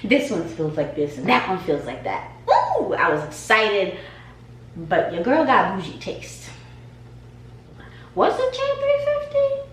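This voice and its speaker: A woman's voice: on the low side, unhurried, far from the mic. A woman hair stylist vlogging in her home studio, telling a casual story and acting out the conversations. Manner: animated, acts out conversations. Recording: roomy echo, faint hum.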